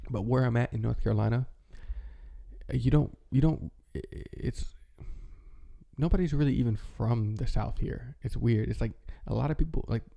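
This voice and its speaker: Male vlogger, casual rambling chat, very gravelly, dark and mellow. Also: medium pitch. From American Midwest. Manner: rambling, halting, with many fillers and restarts. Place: home, with his dog nearby.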